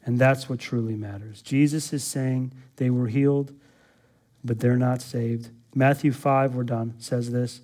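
A man's voice: mid-range voice, fairly even intonation, a little slow, a little mellow. A man pastor preaching an expository sermon, emphatic, repeating words and putting rhetorical questions to the congregation.

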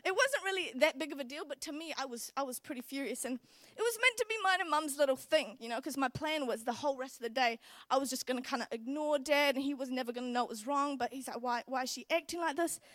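A young woman with a high, bright voice delivers a sermon in a lively, conversational storytelling manner. The sound is close and dry, with no room echo. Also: fast talker. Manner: animated, chatty storytelling with laughs. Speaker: preacher. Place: church.

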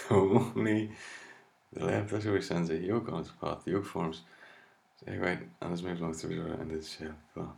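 A comedian reading web articles aloud with exasperated, sweary, mocking asides. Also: male voice, low voice, steady tone, moderate pace, creaky, long pauses, darkish tone.

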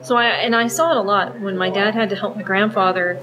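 A woman's voice: medium pitch, steady tone, fairly quick, muffled recording, crowd noise. A woman with a mid-range voice hosting an interview. She asks her questions in a friendly, conversational tone. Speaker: interview host.

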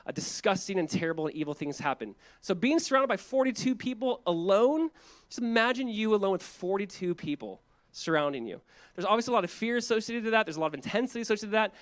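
A man pastor preaching a sermon in an animated, conversational way, acting out quotes and laughing now and then. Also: fairly high pitch.

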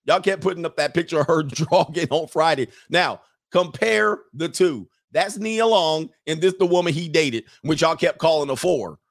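A man's voice: a little high, normal speed, creaky, hardly any pauses. A man hosting a casual commentary show, talking bluntly with profanity and mocking jokes, laughing at his own remarks. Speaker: host.

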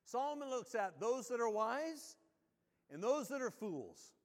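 A man preaching in a church sanctuary, his voice sitting high for a man and ringing out with a long hall reverb. He tells stories with animated energy and slows down, going low and solemn, when he reads verses. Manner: animated storytelling, drops low and slow when reading scripture. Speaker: pastor. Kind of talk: sermon.

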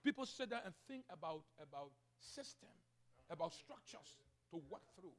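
Male pastor, sermon delivery, high-pitched, alternates shouted proclamations with soft repetition. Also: big pitch swings, normal speed. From Liberia. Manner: swings between loud proclaiming and quiet asides, repeating phrases.

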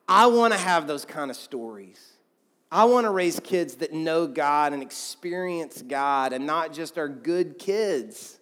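A man preaches in a folksy, conversational way and wanders into asides as he tells family stories. His voice sits a little high for a man. A long reverb trails after each phrase, as in a large church hall. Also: a bit bright. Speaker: pastor. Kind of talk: sermon storytelling.

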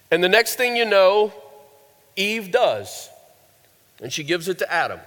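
A man's voice: high voice, lively intonation, a little slow, pauses often, fairly bright tone. A man preaching a sermon in a conversational way, asking the audience questions and joking. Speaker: pastor. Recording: long hall reverb.

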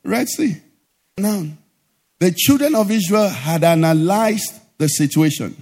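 Male pastor, high sing-song call-and-response sermon, live hall reverb. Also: expressive, measured pace, darkish tone. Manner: call-and-response preaching, asks the congregation to finish sentences; sing-song rising delivery at climaxes. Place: church. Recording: live church hall with reverb and faint music.

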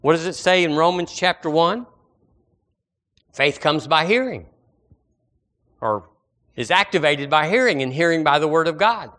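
A man's voice: on the high side, animated, normal speed, long pauses, fairly bright tone. A man preaching a sermon as pastor, emphatic and repetitive, swinging his voice up and down.

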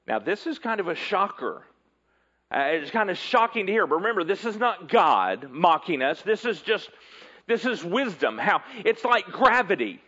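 A man preaching a sermon in an earnest way, often dropping low and quiet at the ends of phrases. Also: sing-song, normal speed, husky, lo-fi sound. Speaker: pastor.

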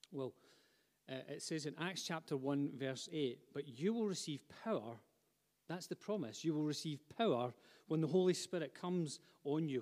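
A pastor with a fairly high, darkish-toned voice preaches a fervent sermon, building up to emphatic repetition. The recording carries long hall reverb.

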